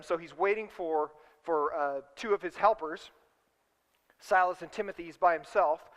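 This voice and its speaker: A middle-aged male pastor preaching a sermon, telling a lively story and acting out his own past voice. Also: sits high, normal speed, pauses often. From California. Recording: long hall reverb.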